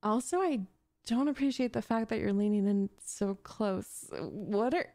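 A woman's voice: mid-range voice, measured pace, warm tone, dry recording, natural voice. A young woman voicing a possessive, jealous gamer girl in an audio role-play, talking in a bossy, defensive, flustered way. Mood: flustered, angry. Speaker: voice actress.

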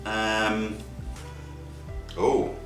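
A fairly low-voiced man talks through a hobby project as he works, chatty and thinking out loud. He drops in silly sound effects now and then. The sound is roomy and a little distant, with music playing behind him. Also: completely flat delivery, extremely slow. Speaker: maker vlogger. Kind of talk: casual workshop narration.

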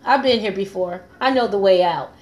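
A woman voicing a calm ordinary man who reassures someone in a story she tells, matter-of-fact. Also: medium pitch, normal speed, close to an everyday voice. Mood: reassuring.

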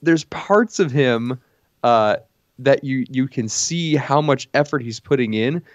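A man co-hosting a movie podcast, reviewing films in an animated, casual way with lots of restarts and laughs. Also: mid-range voice, measured pace, dry recording, muffled recording. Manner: animated, stumbling restarts, laughs while talking. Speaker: podcast co-host.

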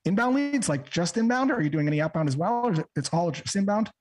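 A man, a sales trainer, calmly explaining and role-playing a cold call step by step on a podcast. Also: sits high. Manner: calm, measured, breaks a method into steps. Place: podcast interview recording.

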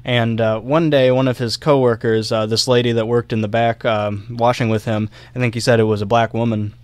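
A young man tells a history story on a casual podcast, full of fillers and easy laughs. His voice is smooth and resonant, recorded close with a dry sound. He speaks at a middling pitch. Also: level tone, a little fast, no room sound. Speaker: podcast co-host.

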